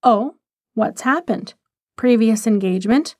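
A woman's voice: a little high, measured pace, darkish tone, dry recording, clean studio sound, close to an everyday voice. A woman voicing a polished, upper-class husband who speaks in a drawling, mildly teasing way. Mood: urbane.

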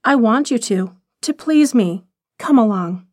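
Picture an impulsive young society woman, gushing with eager invitations, as a woman reading the story puts her on. The voice sits a touch high, and the sound is dry and close with no room around it. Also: lively intonation, a little slow, darkish tone, dry recording.

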